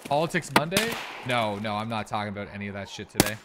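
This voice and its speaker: Male streamer, lively pitch, laid-back swearing chatter, game noise behind. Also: quick pace. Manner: relaxed, chatty, swears often, reads chat aloud. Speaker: streamer playing a shooter game. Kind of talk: casual gameplay commentary.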